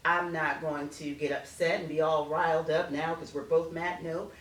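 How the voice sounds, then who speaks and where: A middle-aged woman speaking as an interview guest, an animated storyteller who acts out family conversations. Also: deep voice, normal speed. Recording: echoey room, distant from mic, faint noise.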